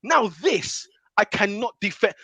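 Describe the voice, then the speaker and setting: A man's voice: high voice, lively intonation, a little slow, pushed and bright, slightly rough, dry recording. A man co-hosting a podcast, ranting in a heated football debate and repeating himself in exasperation. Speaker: podcast co-host.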